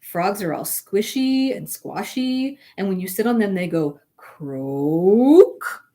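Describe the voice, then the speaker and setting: A woman voicing a curious, playful dog from a picture book, asking questions in a lower, slower voice. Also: expressive, dark tone, a little hiss or hum.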